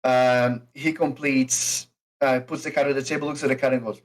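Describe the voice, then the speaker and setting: A man's voice: mid-range voice, flat delivery, low-quality recording. A man narrating as game master of a tabletop game, with lots of uh and um fillers. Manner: slow, unhurried narration with many fillers.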